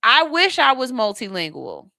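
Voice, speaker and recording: Woman radio host, bright tone, dry close mic, animated casual talk. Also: a little high, normal speed, gravelly, no echo. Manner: animated, playful, gushing, then firm and reasoned.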